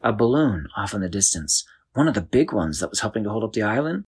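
A man narrating an improvised bedtime story in a loose, animated way, with restarts. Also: on the low side, fast, breathy edge.

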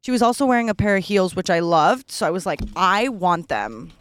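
A young podcast host talks fast in a mid-range voice, chatting casually on her solo show while opening gifts. She gushes, comes across a little bratty, and says "like" constantly. Slight background noise can be heard.

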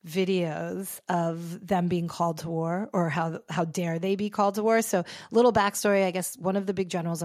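A woman's voice: lowish voice, dry recording. Chatty woman podcast host, dry sound. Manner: chatty, rambling, animated asides. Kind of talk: casual chat.

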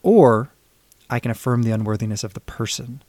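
A podcast co-host with a medium-pitched, darkish voice talks a little fast, with no room sound. In a reflective conversational discussion, he speaks firmly and emphatically, choosing his words with precision.

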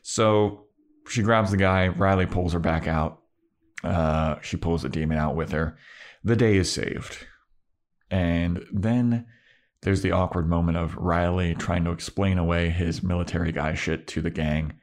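A man co-hosting a casual podcast, retelling an episode and slipping into quick character voices. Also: deep voice, steady tone. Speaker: podcast co-host. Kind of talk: casual recap chat.

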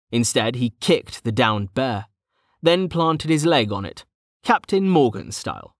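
A man narrating a fantasy novel in a steady, measured storytelling voice. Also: mid-range voice, dry recording, studio quality. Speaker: audiobook narrator.

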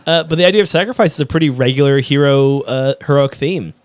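A man co-hosting a podcast, chatting casually and teasing the others with quick jokes. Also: medium pitch, no room sound. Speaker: podcast co-host. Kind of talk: casual chat.

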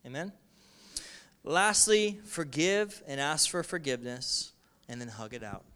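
Smooth-voiced male pastor preaching. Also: on the high side, unhurried, sharp tone. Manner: emphatic, repetitive, conversational preaching. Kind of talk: sermon. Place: in front of a congregation.

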